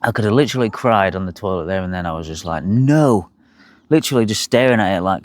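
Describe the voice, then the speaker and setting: A man's voice: sits low, animated, fast. A young man, bluntly telling his own health story to camera, swearing freely. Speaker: health vlogger.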